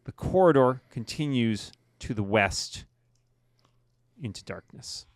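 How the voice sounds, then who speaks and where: Easygoing male game master, mid-pitched, dry close mic. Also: slow, no echo. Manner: relaxed, chatty, laughs often. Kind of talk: narrating a tabletop game.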